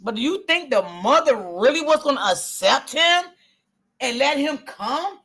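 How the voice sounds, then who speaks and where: Reading viewer messages aloud on her live stream, a middle-aged host comments bluntly, swearing plenty and calling the chat y'all. Her manner is outspoken and profane. She has a high, sharp-toned voice.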